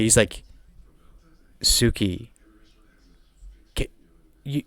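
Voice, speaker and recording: A man's voice: medium pitch, expressive, no echo, clean studio sound. A man with a heavy non-native accent, chatting casually as a podcast host, rambling with lots of fillers and restarts. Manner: rambling, fast talker with many fillers and restarts. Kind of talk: casual chat.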